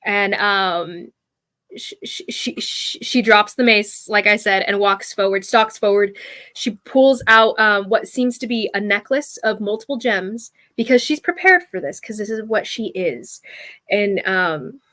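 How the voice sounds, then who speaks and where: A woman's voice: medium pitch, measured pace, fairly bright tone. A woman running a tabletop game as game master, narrating the scene in a loose, meandering way with many fillers. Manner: descriptive, meandering with fillers and restarts.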